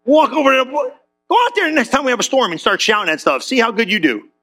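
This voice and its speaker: A man preaching as a pastor, telling a story with slang and acting out every voice in the dialogue. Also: fast. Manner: animated, slangy, acts out dialogue with big pitch jumps. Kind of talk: comedic storytelling sermon.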